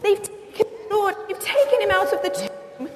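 A very high, breathless young woman pleads in a rush, as a woman reading a Bible story voices her. The sound carries a long reverb from a hall with faint noise behind it. Her voice keeps an urgent, distraught edge. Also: animated, moderate pace.

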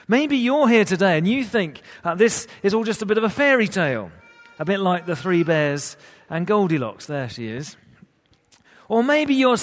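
A man leading a playful, interactive church talk for children. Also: high-pitched. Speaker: church leader.

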